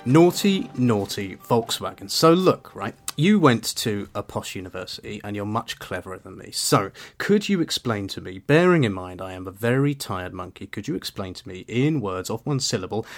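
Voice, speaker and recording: A man co-hosting a podcast, playfully teasing his partner in a casual chat. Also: on the low side. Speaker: podcast co-host.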